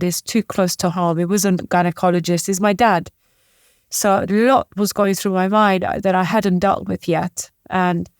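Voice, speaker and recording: A woman from the former Yugoslavia, a guest in an interview, telling a personal story in a halting, emotional way with restarts. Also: lowish voice, creaky, no room sound, studio quality. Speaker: podcast guest.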